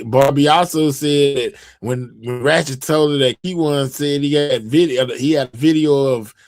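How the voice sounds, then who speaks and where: A man of middle pitch hosts a live stream, talking loosely and reading viewer comments aloud. He rambles, restarts his sentences and leans on fillers. The sound is close and dry, with no room echo. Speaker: livestream host.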